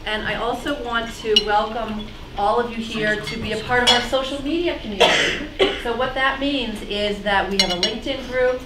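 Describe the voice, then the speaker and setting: A woman speaks to a dinner meeting in a friendly, inviting way. The room echoes, and loud clattering dishes and cutlery run behind her voice. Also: on the high side, moderate pace, heavy background noise. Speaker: chapter social media volunteer.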